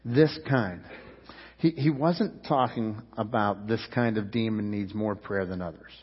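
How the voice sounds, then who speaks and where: A man's voice: on the low side, moderate pace, slightly rough. Fervent preacher man in echoing hall. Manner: fervent preaching, rising and falling loudness, repeats words. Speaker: pastor. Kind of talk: sermon. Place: church sanctuary. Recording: muffled sound, long hall reverb.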